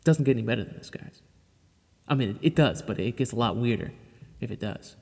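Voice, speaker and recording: A man's voice: medium pitch, lively intonation, fairly quick, gravelly, a little mellow, breathy edge, long reverb tail. A man hosting his own podcast in an enthusiastic, loose, chatty way. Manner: enthusiastic, loose and chatty, with casual swearing and laughs. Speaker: podcast host. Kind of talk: casual solo podcast talk.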